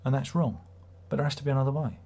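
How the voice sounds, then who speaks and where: A man's voice: medium pitch, very fast, creaky, dark tone, husky. A man hosting a casual livestream, rambling and swearing as he reads viewer comments aloud. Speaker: livestream host.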